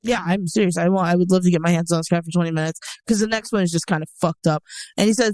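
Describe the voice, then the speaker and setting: A woman's voice: on the low side, quick pace, darkish tone, dry recording. Young woman co-host, blunt and sarcastic, swears a lot, dry close sound. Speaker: co-host of a dating advice show. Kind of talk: casual chat.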